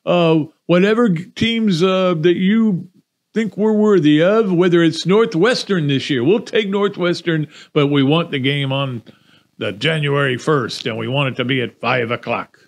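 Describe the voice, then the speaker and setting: A man voicing stuffy, pompous male bowl officials in a put-on accent, pitched well above his own voice. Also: measured pace, creaky. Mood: haughty.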